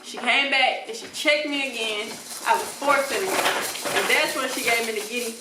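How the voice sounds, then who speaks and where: A young woman telling a casual, animated storytime and acting out the people she quotes. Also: fairly high pitch, a little fast, reverberant, recorded from a distance, background noise. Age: young adult. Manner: animated, acts out voices in quotes, laughs often. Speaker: vlogger.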